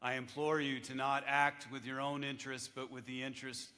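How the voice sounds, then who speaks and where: Chaplain man with a bright voice in an echoey hall. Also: medium pitch, level tone. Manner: wry storytelling, measured. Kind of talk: devotional address to lawmakers. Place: large legislative chamber. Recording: echoey hall with long reverb.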